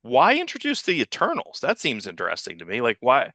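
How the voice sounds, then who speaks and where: A man co-hosts a comics podcast in loose, profane, rambling chat and acts out the people he quotes. His voice is bright and forceful. It sits dry and close to the mic. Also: mid-range voice, huge pitch swings, fairly quick, dry recording. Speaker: podcast co-host and producer.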